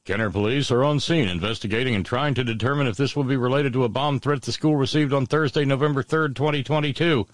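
A man hosting solo political commentary, sardonic and halting, often restarting his words. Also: mid-range voice, dry recording.

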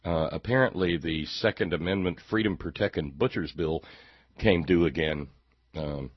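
A man's voice: sits low, moderate pace, dry recording, lo-fi sound. A man hosting a talk show, giving a sarcastic, rambling political monologue and repeating words as he goes.

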